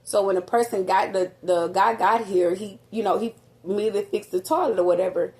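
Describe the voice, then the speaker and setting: A woman talks straight to her viewers, recounting events at home in a loose, rambling way. She is animated and fills her pauses with little fillers. Her voice carries a slight echo from a nearly empty apartment. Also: medium pitch. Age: adult with a grown son. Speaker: vlogger. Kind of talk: casual storytelling to viewers.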